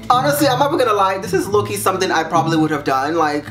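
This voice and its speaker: A man's voice: expressive, a little fast, few pauses. Sassy, dramatic young man vlogging. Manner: sassy and dramatic, swoops up high for emphasis. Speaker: YouTuber reading viewer secrets. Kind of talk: casual vlog reaction. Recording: echoey room with music behind.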